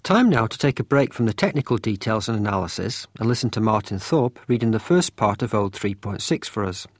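A man narrating a scripted lesson, explaining clearly and guiding the listener. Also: fairly low pitch, animated, brisk, dry recording, studio quality. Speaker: course lecturer.

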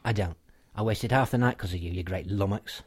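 A man's voice: lowish voice, fairly quick, slightly rough. An actor playing an exasperated man fighting his computer. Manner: exasperated, sarcastic.

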